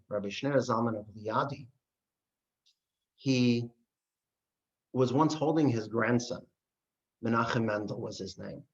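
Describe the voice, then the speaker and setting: A man, a rabbi, teaching an adult class, asking rhetorical questions and telling stories with lively voices. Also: medium pitch. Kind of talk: adult education lesson. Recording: dull lo-fi recording.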